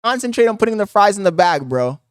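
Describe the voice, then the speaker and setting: A man's voice: high voice, sing-song, fast, clear, resonant tone, no echo, clean studio sound. Joking male streamer talking to his chat. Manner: chatty, joking asides to chat. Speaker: streamer reacting to videos. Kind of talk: casual live stream reaction.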